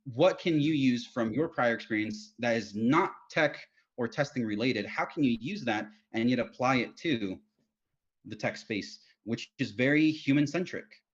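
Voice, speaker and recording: A man's voice: medium pitch, measured pace, breathy edge. Man telling career stories over a muffled video call, lots of um and uh, mid voice. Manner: animated storytelling, many fillers and restarts. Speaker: guest speaker, test engineering lead. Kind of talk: casual career advice chat. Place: home, Utah. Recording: dull lo-fi video call audio.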